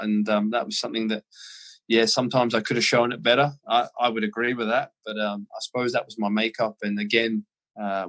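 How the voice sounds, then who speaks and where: An Australian man in his thirties, a former footballer, telling lively anecdotes as a guest in an interview. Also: fairly low pitch. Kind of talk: casual storytelling interview.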